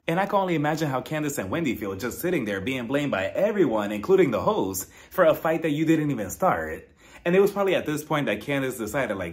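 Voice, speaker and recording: A young man giving a casual, opinionated recap of a reality show, animated and incredulous, mockingly acting out what the cast said. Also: fairly high pitch, quick pace.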